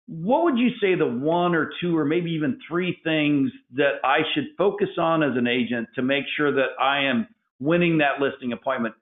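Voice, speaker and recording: Male interview host, eager, somewhat high voice, narrow telephone sound. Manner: enthusiastic, repeats himself while framing questions. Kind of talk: interview questions. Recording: echoey, phone-like audio.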